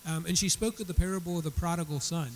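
A man's voice: on the high side, steady tone, quick pace, darkish tone, rough recording. A man teaching a church Bible study. He retells a story in a conversational way and often repeats words as he restarts his sentences.

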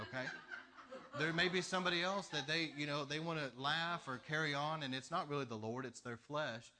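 Here a pastor with a medium-pitched male voice gives a sermon, relating stories with plenty of energy as laughter fills the gaps between his lines.

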